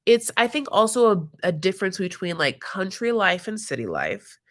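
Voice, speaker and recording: A woman's voice: mid-range voice, big pitch swings, normal speed. A woman hosting a reality TV recap live stream in casual commentary, chatty and giggly, leaning on fillers and calling people honey and my love.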